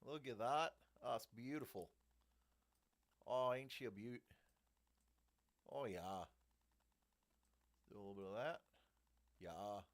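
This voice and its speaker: A man's voice: medium pitch, takes it slowly, long pauses. A man hosting a casual live stream, chatting upbeat with viewers, reading their comments aloud and muttering to himself as he works his setup. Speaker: livestream host running card breaks and giveaways.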